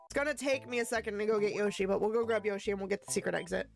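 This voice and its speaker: A woman's voice: mid-range voice, very fast, gravelly, soft background music. A woman live-streaming a video game, chatting with her viewers and shrieking at close calls. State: tired after work.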